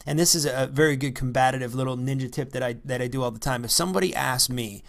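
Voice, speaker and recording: A man giving an unscripted coaching talk into a microphone, energetic and repetitive, often checking in with "all right?". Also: medium pitch, fast talker, gravelly, few pauses. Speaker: real estate investing coach. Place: by the ocean.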